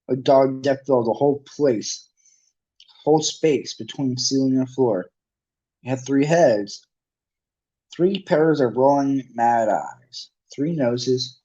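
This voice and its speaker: A man's voice: mid-range voice, a little mellow. A man reading a children's book aloud in a casual, unpolished way with restarts and asides. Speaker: reader. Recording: dull lo-fi recording.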